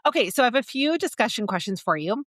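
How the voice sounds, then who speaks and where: A woman's voice: fairly high pitch, quick pace, dry recording, studio quality. A woman co-hosting a podcast, chatting casually about a holiday movie, laughing often and acting out lines from scenes. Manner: animated, laughs often, acts out quotes from scenes. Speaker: podcast co-host. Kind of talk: casual movie review chat.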